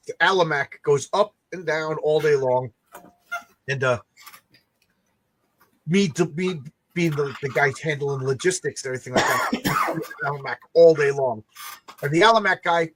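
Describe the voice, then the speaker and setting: A man, a comic creator who also works construction, telling a rambling story in casual chat, stumbling and restarting his sentences. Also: on the high side. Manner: rambling, frequent stammered restarts.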